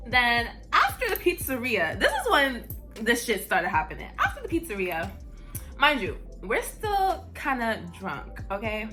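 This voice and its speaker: A woman's voice: fairly high pitch, measured pace, soft background music. A young woman telling a story in a casual, blunt way, full of "like" and swearing. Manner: animated, heavy use of "like", blunt and profane. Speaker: vlogger.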